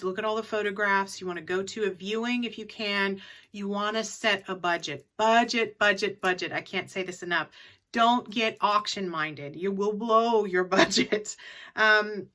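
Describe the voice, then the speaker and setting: A woman's voice: mid-range voice, sharp tone. A middle-aged woman in a casual advice vlog, chatty and repeating her key tips for emphasis. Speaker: reseller vlogger.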